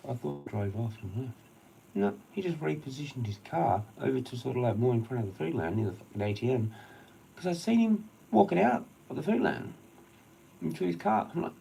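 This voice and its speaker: A man's voice: mid-range voice, sing-song, moderate pace, gravelly, long pauses, warm tone, slight background noise, low-quality recording. A man with an Australian accent, ranting on a livestream, swearing heavily and rambling through an agitated story. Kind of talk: casual rambling rant.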